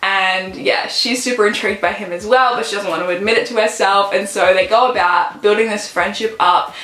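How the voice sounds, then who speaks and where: A woman's voice: medium pitch, a bit bright, echoey room, rough recording. A woman in her late teens, a book vlogger, chatting casually and gushing about books she loves. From Australia. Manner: gushing, chatty, fond of "literally" and "so good".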